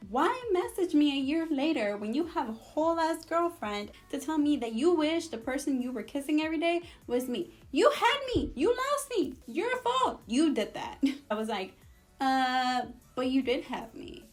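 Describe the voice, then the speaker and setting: A young woman, telling a storytime vlog in a sassy, animated way and mixing in Spanish. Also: high-pitched. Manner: sassy, animated, switches between English and Spanish. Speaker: vlogger.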